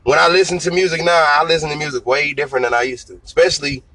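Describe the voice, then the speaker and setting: A man in his thirties, a singer being interviewed, telling his story in a relaxed, slangy, conversational way. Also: on the high side, very fast, a crowd in the background, poor audio. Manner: relaxed storytelling, slangy, repeats "you know what I'm saying". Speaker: singer and guest.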